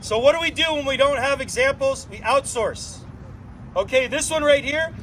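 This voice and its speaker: A man leading a drum circle gathering, giving an inspirational talk, playful and animated, full of rhetorical questions. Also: very high voice, moderate pace, a little hiss or hum, poor audio. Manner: asks frequent rhetorical questions.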